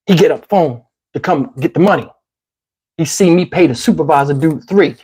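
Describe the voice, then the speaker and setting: A man from Camden with a New Jersey accent, telling a crude, lively story with lots of asides, on a lapel mic. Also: fairly high pitch, brisk, breathy edge. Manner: profane, animated, lots of asides. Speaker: channel host. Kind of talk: comedic storytelling.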